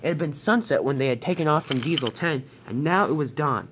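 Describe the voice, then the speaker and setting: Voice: medium pitch, fairly quick, a bit bright. A narrator reading a homemade toy-train story plainly, with occasional slips and faint noise behind.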